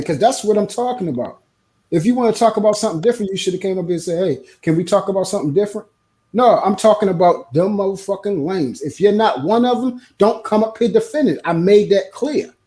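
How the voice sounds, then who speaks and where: A man's voice: high voice, dark tone. A man arguing bluntly and aggressively on a livestream, profane and confrontational. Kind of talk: heated argument.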